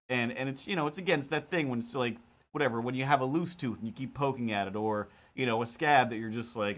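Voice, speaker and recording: A man's voice: mid-range voice, fast, fairly bright tone. A man who is a cartoonist and live streamer, chatting casually in a rambling way, with lots of fillers and playful quotes of his own thoughts.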